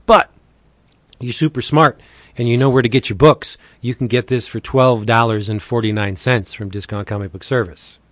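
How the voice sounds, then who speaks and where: A man hosting a casual podcast reads comic deals in a playful pitchman manner. His voice sits in an ordinary middle pitch. He is recorded close on a dry mic with no room sound. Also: steady tone, normal speed, fairly bright tone, dry recording. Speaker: podcast host.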